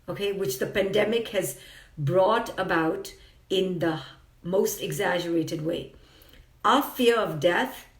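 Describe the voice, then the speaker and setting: A woman's voice: mid-range voice, roomy sound, recorded from a distance. A woman psychologist giving an earnest, emphatic motivational talk on a live stream, repeating phrases for effect.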